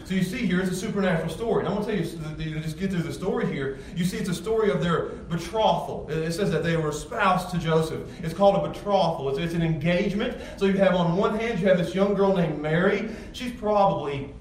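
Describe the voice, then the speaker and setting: Speaking in a high voice at a quick clip with hardly any pauses, a male pastor preaches to a congregation in a church sanctuary. His delivery is emphatic and conversational, full of restarts. Slight background noise, echo, a distant mic and faint ambience color the recording.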